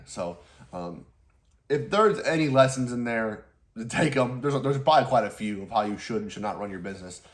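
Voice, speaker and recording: A young man who runs a lawn care business, casually telling a story, rambling, laughing often and swearing now and then. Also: fairly low pitch.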